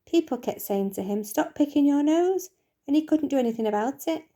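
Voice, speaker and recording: A woman's voice: sits high, expressive, brisk, warm tone, pitched above the performer's own voice. A woman voicing a clever, cheeky little girl who sounds sweetly innocent.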